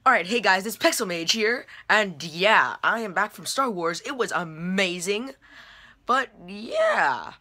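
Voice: medium pitch, lively intonation, measured pace, sharp tone. A chatty, self-deprecating vlogger talking casually to the camera. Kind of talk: casual vlog chat. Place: store, then at home.

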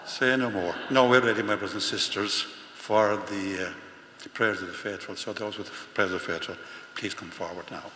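Older priest in an echoey church. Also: male voice, lowish voice, steady tone, bright, forceful tone. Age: 60s. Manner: halting, repeats words, rising emphasis. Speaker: parish priest. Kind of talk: funeral homily. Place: large church. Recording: echoey church with long reverb, faint hum.

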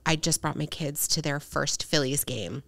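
Low-voiced chatty woman podcast host. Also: moderate pace, gravelly, fairly bright tone. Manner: earnest, chatty, leans on "right?" and "like". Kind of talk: casual conversational interview.

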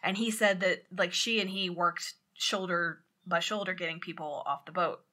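Podcast co-host, woman, bright tone, lively storyteller who swears and shouts out quotes. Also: lowish voice, normal speed. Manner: animated, swears, acts out quotes loudly. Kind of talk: casual storytelling chat.

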